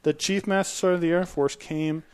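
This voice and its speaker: A man's voice: a little high, fairly even intonation, fairly quick, clean tone. A man in his thirties, a podcast guest, talking bluntly in casual chat, swearing freely and acting out little bits of dialogue. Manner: blunt and profane, acts out quoted dialogue.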